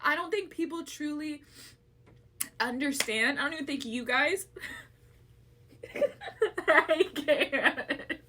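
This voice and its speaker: A woman's voice: high-pitched, takes it slowly, pauses often, pushed and bright, slight background noise. A woman creator, tearful and laughing through it, gushing emotionally to her followers. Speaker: content creator.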